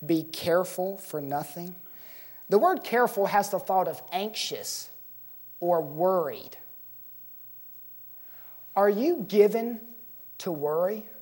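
A woman preaching with slow emphasis. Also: on the low side, expressive, a little mellow. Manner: emphatic, slows to stress key words; asks the congregation questions. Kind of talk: sermon.

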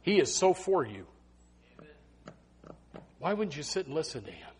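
A male pastor preaching a sermon in a church, emphatic and repetitive, swinging from hushed asides to loud exhortation. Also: on the high side, very animated, measured pace. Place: church sanctuary.

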